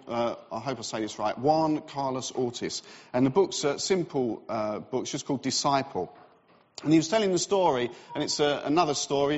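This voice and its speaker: A man preaching a sermon in a conversational, self-deprecating way. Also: medium pitch. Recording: reverberant, slightly dull hall recording.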